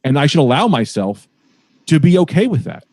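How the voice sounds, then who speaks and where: A man's voice: a little high, big pitch swings, a little fast, a little mellow, no room sound, clean studio sound. A man, a stand-up comedian, talking casually on a podcast and playing with sing-song inflections.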